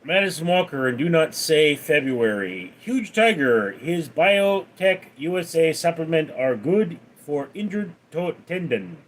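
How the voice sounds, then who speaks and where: A man hosting a livestream, reading viewers' names and questions in a raised voice, then answering them flatly. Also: a little slow, few pauses. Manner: reads donor names and questions aloud in a lively raised voice, then answers flat and low. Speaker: livestream host reading chat. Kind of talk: casual livestream Q&A.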